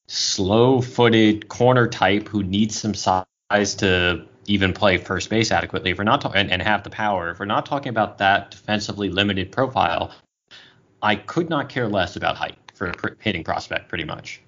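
A man co-hosting a casual sports podcast, opinionated and animated, often restarting his sentences. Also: lowish voice, normal speed. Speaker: podcast co-host. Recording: dull lo-fi audio over bad Wi-Fi.

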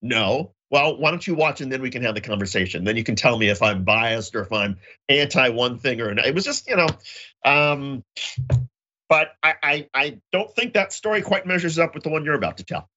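Bright-voiced man telling a story. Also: mid-range voice, lively intonation, a little fast, muffled recording. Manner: storytelling, acts out quoted voices. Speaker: co-host. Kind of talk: casual podcast chat. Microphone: remote call.

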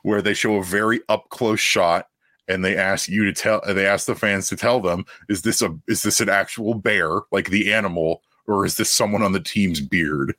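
A man's voice: low voice, steady tone, moderate pace, pushed and bright, no echo, studio quality. A young man co-hosting a casual sports podcast, riffing animatedly on ideas. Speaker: podcast co-host.

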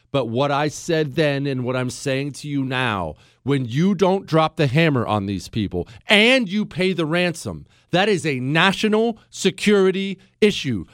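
A man's voice: a little high, dry recording, clean studio sound. A man hosting a talk radio show, delivering an emphatic, fired-up monologue full of rhetorical questions. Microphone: studio microphone.

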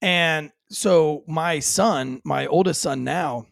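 A man hosting a podcast, a former police officer telling animated stories in casual chat. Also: fairly high pitch, slow, creaky, no room sound, studio quality. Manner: animated storyteller.

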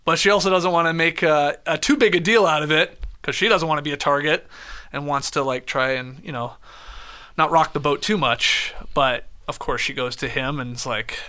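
A man with a high, bright, forceful voice talks through a show recap like an easygoing podcast host. He walks through events step by step and drops in plenty of "uh"s as he goes. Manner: lays out events in quick order with many "uh" fillers. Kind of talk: casual recap chat.

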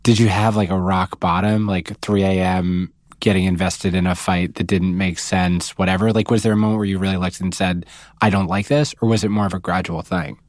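Animated storytelling man, close dry sound. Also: low-pitched, fairly quick, no room sound. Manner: animated storytelling, casual, swearing. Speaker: podcast host. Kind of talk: conversational interview.

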